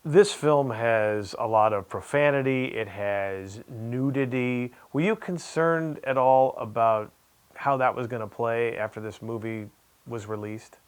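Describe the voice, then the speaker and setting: A man with an ordinary mid-range voice conducts an interview. He asks his questions in a measured, curious way. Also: mid-range voice, smooth.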